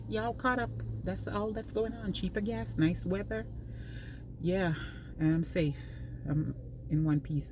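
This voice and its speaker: Woman, vlogger, deep voice, chatty and rambling, inside a moving car, loud road rumble behind. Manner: rambling, chatty, many fillers. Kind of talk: casual chat to camera. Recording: mic far off, loud road noise. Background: car and road noise.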